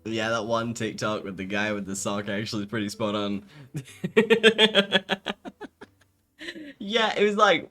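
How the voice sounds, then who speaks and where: Giggly, unhurried streamer. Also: mid-range voice, lively intonation, sharp tone. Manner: giggly, rambling, answers chat. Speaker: VTuber streamer. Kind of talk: casual live-stream chat.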